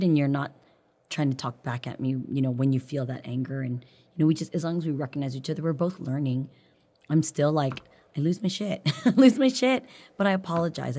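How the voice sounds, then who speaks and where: A woman in her forties with a very low voice, talking as a guest in a relaxed conversation. There is a gravelly fry running through her speech, and she keeps things candid and chatty. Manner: candid, chatty, laughs often. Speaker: podcast guest. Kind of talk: casual chat.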